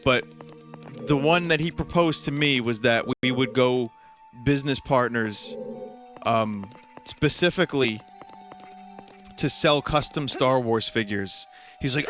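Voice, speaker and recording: A man's voice: mid-range voice, moderate pace, a bit bright, soft background music. A man streaming a video game, casually telling a long story with lots of fillers, restarts and amused asides.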